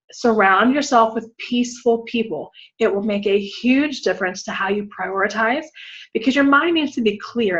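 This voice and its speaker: A woman pastor speaking at a conference breakout session, her voice a little high. She talks frankly and keeps checking in with her listeners. The recording sounds slightly dull and muffled. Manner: direct, frank, with frequent "all right?" and "okay?" check-ins.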